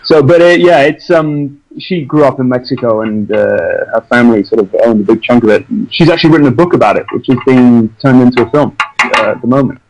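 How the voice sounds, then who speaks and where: A man's voice: medium pitch, fairly quick, hardly any pauses, a little mellow, slight background noise, rough recording. Chatty English man, easygoing actor. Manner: chatty, self-deprecating, stumbles on restarts. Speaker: actor guest. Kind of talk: casual interview chat.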